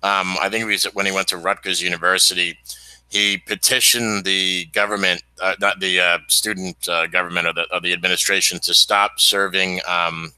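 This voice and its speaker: A man cohosting a podcast, telling stories in halting casual chat full of fillers. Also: sits low, little pitch movement, pushed and bright, clean tone, dry recording, poor audio. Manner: hesitant storytelling full of fillers.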